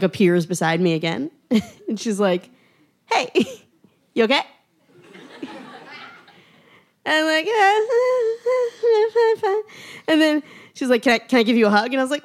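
A young woman tells a personal story in a lively, self-mocking way. She often laughs through her own lines as she builds the tale. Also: medium pitch.

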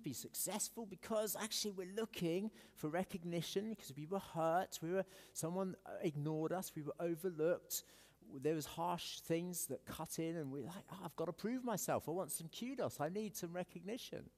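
A man's voice: sits high, a little mellow. A man with an English accent preaching a sermon in a conversational, self-deprecating way, with many fillers and restarts. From South Africa. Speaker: pastor. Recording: echoey hall with long reverb.

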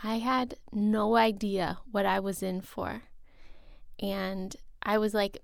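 A woman in conversation reflecting slowly and thoughtfully, soft-spoken. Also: medium pitch, steady tone, gravelly, dry recording, studio quality.

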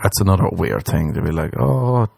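A man from Ireland with an Irish accent, doing a crude comedic monologue that rambles and jumps into silly squeaky voices. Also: expressive, moderate pace, darkish tone, no room sound.

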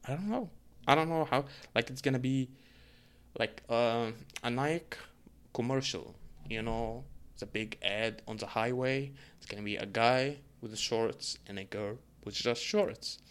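A man's voice: medium pitch, a little slow, a bit bright, clear, resonant tone. Male vlogger, casual rant, blunt and profane, heated delivery. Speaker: vlogger answering comments.

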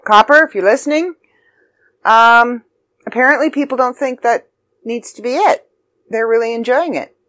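A woman's voice: medium pitch, fairly bright tone, dry recording. A woman hosting a podcast about her magazine, chatty and a bit scattered, with frequent ums and asides. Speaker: podcast host and magazine contributor. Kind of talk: casual podcast chat.

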